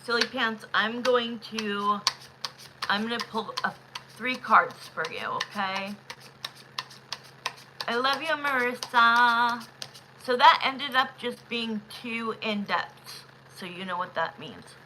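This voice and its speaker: Woman host of a live tarot stream. Chatty and excitable, bright tone, unhurried delivery. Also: on the high side, a little hiss or hum, low-quality recording. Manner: chatty, excitable, talks to viewers directly. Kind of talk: casual live-stream chat.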